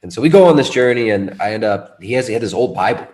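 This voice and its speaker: A man with a fairly low voice tells a personal story in casual conversation. He rambles, starts over often and keeps it animated as he goes. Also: quick pace. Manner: rambling, animated, with restarts and laughs.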